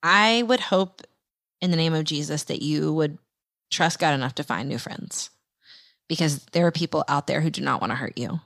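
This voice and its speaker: A woman in her thirties hosting a faith podcast, telling a personal story in an animated way and acting out her own past voice. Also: moderate pace, vocal fry, no echo, clean studio sound. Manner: animated, acts out her own quoted voice in higher pitch. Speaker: podcast host.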